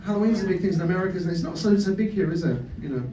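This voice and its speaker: A man's voice: high voice, racing. A man doing a stand-up comedy set and crowd work in a club. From England. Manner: crowd work, swears freely. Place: comedy club stage with audience. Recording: distant roomy live club recording.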